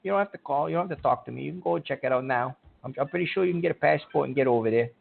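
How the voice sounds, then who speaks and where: A man's voice: on the high side, rapid-fire, creaky. A man hosting a call-in radio show, irritable and scolding his callers as he rants. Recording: narrow phone-like sound.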